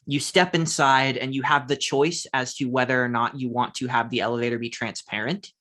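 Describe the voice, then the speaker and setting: A man's voice: mid-range voice, steady tone, fairly quick, sharp tone. A man narrating as game master of a tabletop game, describing scenes casually with lots of fillers.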